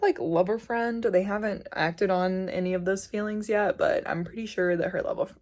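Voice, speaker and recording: An excitable young woman chats on a casual book vlog, rambling from one thought to the next. Her voice sits a little low for a woman. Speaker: book vlogger. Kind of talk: casual reading vlog chat.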